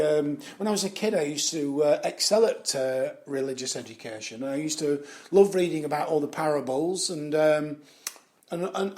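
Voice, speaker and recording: A man with a gravelly, creaky voice, pitched a little above the usual male range, riffing through a casual commentary. He swears without pause, laughs at his own asides and loses his thread in a string of ums. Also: a little mellow. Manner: swears freely, chuckles, trails off with fillers. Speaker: vlogger.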